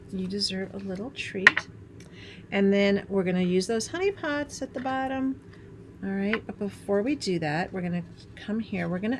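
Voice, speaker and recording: A woman's voice: medium pitch, background noise. Chatty woman from Wisconsin demonstrating crafts. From Wisconsin, USA. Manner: bubbly, chatty, laughs at herself, talks while working. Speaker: craft tutorial host.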